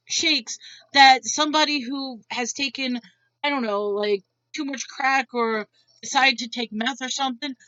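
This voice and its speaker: A woman's voice: high voice, bright, forceful tone, dry recording, dull audio. A woman venting a blunt, exasperated rant to camera, swearing freely as she retells her day. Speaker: vlogger.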